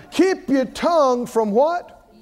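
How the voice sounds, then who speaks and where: Male preacher, high sing-song delivery, unhurried; long hall reverb. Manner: emphatic call-and-response preaching. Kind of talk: sermon.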